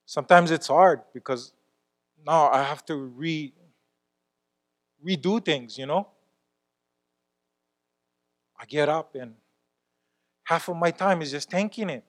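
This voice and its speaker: A man's voice: a little high, a little slow, long pauses. A man preaching as a church elder, earnest, often asking the congregation "Amen?" and building to fervent, emphatic prayer. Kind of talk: sermon.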